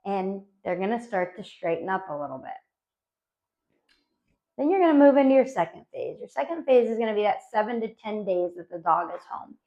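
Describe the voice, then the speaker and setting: A woman dog trainer explaining training phases to owners, animated and acting out little voices for dogs and owners. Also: medium pitch, brisk. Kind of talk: spoken instructional talk to dog owners. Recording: dull lo-fi sound.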